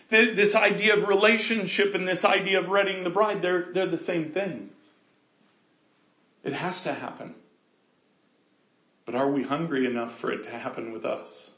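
High-voiced preaching man in an echoey room. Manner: earnest preaching, swings from loud to hushed. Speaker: pastor. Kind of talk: sermon.

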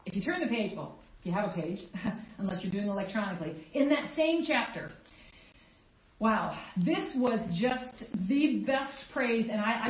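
Expressive woman preacher, echoey and muffled. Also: mid-range voice. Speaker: pastor. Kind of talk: sermon. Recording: dull, echoey church recording.

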